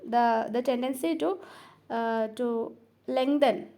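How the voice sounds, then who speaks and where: A woman's voice: a little high, slow pace, dark tone. A woman teaching a recorded lecture, speaking hesitantly with many fillers and repeating each point to explain it.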